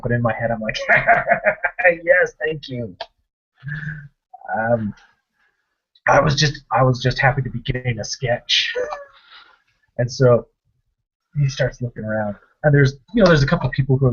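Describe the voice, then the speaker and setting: A young man with a husky, slightly breathy voice tells a convention story in a loose, chatty way, slipping into the voices of the people he quotes. The sound is dull and lo-fi, like a home webcast. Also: medium pitch, moderate pace. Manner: animated anecdote-telling, acting out quotes. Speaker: co-host of a tabletop gaming show. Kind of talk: casual storytelling recap.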